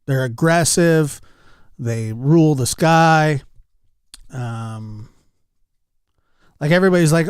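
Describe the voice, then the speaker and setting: A man's voice: a little high, slow, pauses often, smooth, no echo, clean studio sound. Man rambling casually on a stream. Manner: rambling anecdotes, addresses chat by name. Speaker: livestreamer.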